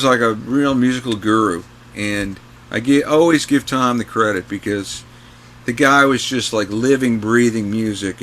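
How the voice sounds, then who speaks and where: A man's voice: mid-range voice, fairly bright tone, slight background noise. Rambling older man telling guitar stories. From New York, USA. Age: 60s. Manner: rambling, full of fillers and restarts. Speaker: guest guitarist. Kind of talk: casual anecdotal storytelling.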